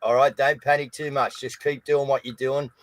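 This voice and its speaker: A man's voice: medium pitch, level tone, moderate pace, no echo, rough recording. An Australian man co-hosting a live news stream, talking casually and blokey, often calling his viewers guys.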